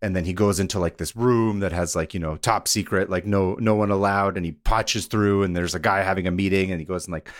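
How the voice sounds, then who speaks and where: Low-voiced man telling a rambling story. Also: fairly even intonation, fairly quick, hardly any pauses, no echo, studio quality. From Iran. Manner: rambling, laughs often, jokey asides. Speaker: podcast host. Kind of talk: casual storytelling chat.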